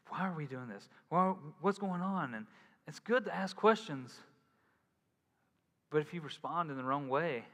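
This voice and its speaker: A male pastor delivers a sermon in an easygoing, conversational way, dropping into little acted-out voices for the people he quotes. His voice sits in a middle pitch range. It rings with the long reverb of a large hall. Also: a bit bright.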